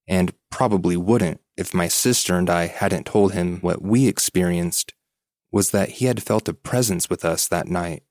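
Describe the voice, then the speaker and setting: A man hosting a podcast, reading a listener's ghost story aloud as scripted narration in a measured, suspenseful way. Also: low voice, darkish tone, no room sound, studio quality.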